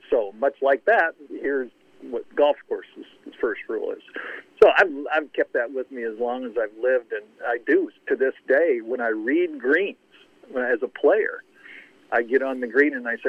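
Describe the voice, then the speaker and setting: Guest: older architect, Midwest-raised, rambling anecdotal delivery, dry tinny phone audio. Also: male voice, medium pitch, normal speed, no room sound. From American Midwest. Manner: anecdotal, chuckling, repeats words. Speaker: golf course architect. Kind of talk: casual storytelling interview.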